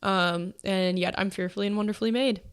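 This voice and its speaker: A woman's voice: medium pitch, fairly even intonation, brisk, clean tone. Young female host, pregnant, loose conversational delivery full of fillers. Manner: chatty, many fillers and likes. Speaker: podcast host. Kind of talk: casual faith-based chat.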